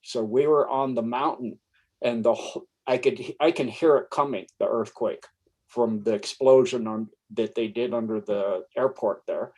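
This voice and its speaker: A man's voice: medium pitch, normal speed, darkish tone, low-quality recording. A man in his sixties telling rambling stories as an interview guest, often laughing between phrases. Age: 60s. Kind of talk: casual anecdotal storytelling.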